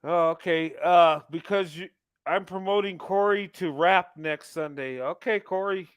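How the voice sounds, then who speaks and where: A man's voice: sits high, unhurried, smooth, dry recording, studio quality. A man speaking encouragingly on a casual live online call, laughing easily. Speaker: participant in an online community call.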